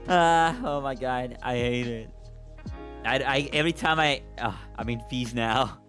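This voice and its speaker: A man's voice: mid-range voice, expressive, moderate pace, pauses often, over music. A young man streaming, chatting casually with viewers, thanking them, giggling and swearing now and then.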